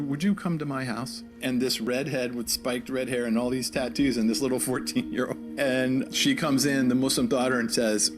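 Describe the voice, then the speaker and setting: A man telling a story in an animated way, acting out the quoted voices and dropping to a hush. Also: mid-range voice. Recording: loud music under voice.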